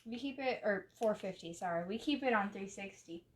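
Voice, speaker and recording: A woman's voice: medium pitch, lively intonation, fairly quick. A young woman giving a casual live hair-styling tutorial, talking through each step in a chatty way with lots of likes and restarts. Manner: chatty, explains steps with many likes and restarts. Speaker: hair stylist demonstrating on a model.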